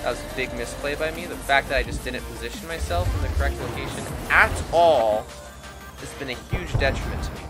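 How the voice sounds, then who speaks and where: Give me a chatty male game streamer, mid-pitched, with loud music under him. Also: fairly quick. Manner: chatty, thinks aloud, bursts of excited exclamations. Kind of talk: live gameplay commentary.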